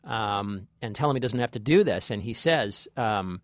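A man's voice: on the low side, lively intonation, no echo. Guy reviewing movies, stops and restarts a lot, joking around, dry close sound. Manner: halting, many restarts, wry humor. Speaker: film critic co-host. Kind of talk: casual podcast chat.

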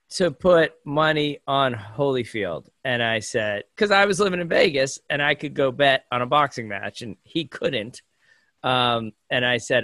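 Guy chatting on a podcast, bright voice, dead dry sound. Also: medium pitch, lively intonation, measured pace, no room sound. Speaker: podcast co-host. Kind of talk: casual chat.

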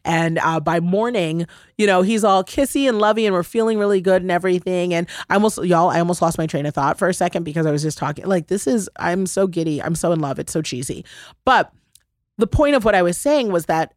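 Woman, podcast host, casual heartfelt chat, animated, gushing, dry close mic. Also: lowish voice, brisk, dry recording. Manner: animated, laughing, gushing storyteller. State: briefly choked up.

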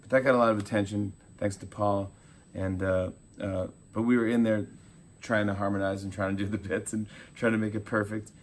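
A man in his forties, a talk show host being interviewed, telling animated stories and acting out quotes. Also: lowish voice, brisk, slight background noise. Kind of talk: casual interview chat.

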